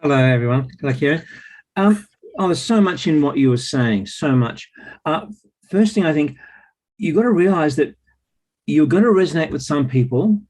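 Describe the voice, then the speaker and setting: A man speaking up on a group call, thoughtful and measured as he responds. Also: fairly high pitch, expressive, a little mellow. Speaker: call participant. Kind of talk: casual group call remarks.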